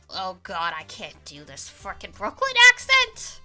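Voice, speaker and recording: A woman's voice: fairly low pitch, wildly swooping pitch, measured pace, few pauses, bright, forceful tone, soft background music. A woman streaming a game, chatting casually and joking, with the odd swear word. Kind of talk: casual gameplay commentary.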